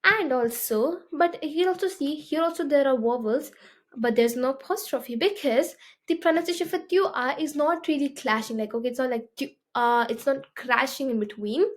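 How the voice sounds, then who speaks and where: A woman's voice: sits high, normal speed. A woman teaching a beginner French lesson, explaining step by step and often checking with "okay?".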